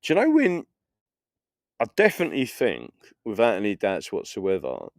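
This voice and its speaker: A man's voice: fairly low pitch, wildly swooping pitch, normal speed, dry recording, studio quality. A middle-aged man live streaming, telling rambling anecdotes in casual chat and laughing often.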